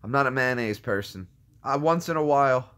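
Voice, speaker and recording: A man's voice: medium pitch, expressive, fairly quick, a bit bright. A man casually chatting as a streamer, answering viewer comments in a jokey way and riffing on movie quotes. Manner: jokey, riffs on movie quotes and puts on silly voices. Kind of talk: casual chat.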